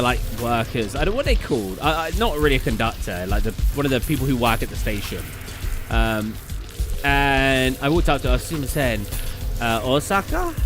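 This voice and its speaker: A young British man streaming live, telling rambling travel stories in casual chat, full of fillers and quick laughs. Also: mid-range voice. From Britain. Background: faint game music.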